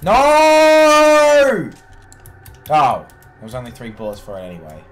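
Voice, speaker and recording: A man playing a video game with a friend, swearing, teasing him and yelling at the screen in casual commentary. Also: lowish voice, animated, fast talker. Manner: teasing his co-player. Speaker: let's play gamer.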